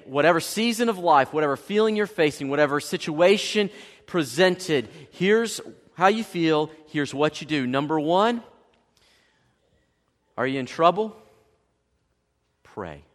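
A lively male pastor preaching with a high, swinging voice that rises and falls dramatically. He slips into quick acted voices to play his listeners. The sound carries a long hall reverb. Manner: animated preaching, acts out quoted voices. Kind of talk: sermon. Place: church sanctuary.

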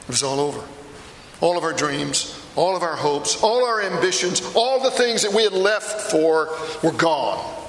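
A man's voice: on the high side, very animated, a little slow, fairly bright tone, a little hiss or hum, heavily acted. A man performing a first-person dramatic monologue as a remorseful apostle, a middle-aged fisherman telling his story with intense feeling. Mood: anguished. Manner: intense storytelling, swells to anguished outbursts. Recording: echoey hall, long reverb.

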